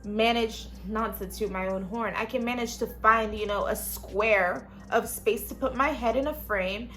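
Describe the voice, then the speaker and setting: A woman's voice: fairly high pitch, a little slow, bright, forceful tone, soft background music. A young woman vlogging casually from her small studio apartment, talking frankly and directly to viewers and swearing now and then. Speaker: lifestyle vlogger. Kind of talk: casual self-help vlog talk.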